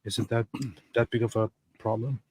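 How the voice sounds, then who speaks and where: A man joining a casual online panel as a guest, speaking in a deadpan sarcastic way. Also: on the low side, moderate pace, breathy edge.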